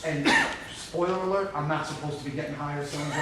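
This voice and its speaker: A man's voice: fairly high pitch, flat delivery, quick pace, crowd noise. A man leading a recovery group talk, speaking emphatically and repeating points for stress. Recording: echoey room from far off with hiss.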